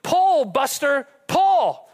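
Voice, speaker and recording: Loud old farmer hollering at his horse, as a preacher puts him on, high and booming. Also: very animated, drawn-out words, exaggerated voice. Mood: shouting. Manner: shouting commands.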